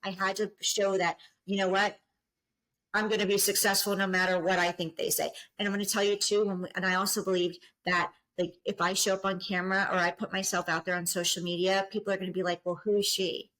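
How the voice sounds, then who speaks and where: A woman's voice: mid-range voice, little pitch movement, quick pace, a bit bright, low-quality recording. A middle-aged woman, a business coach, speaking as a guest on a podcast in an earnest, encouraging way, often repeating and restarting phrases. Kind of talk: podcast interview.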